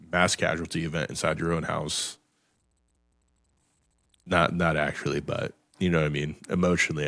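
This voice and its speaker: Podcast host: man, very low voice, blunt and profane, dry close sound. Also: vocal fry, dry recording. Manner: profane, emphatic, repeats words when restarting. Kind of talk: blunt motivational podcast talk.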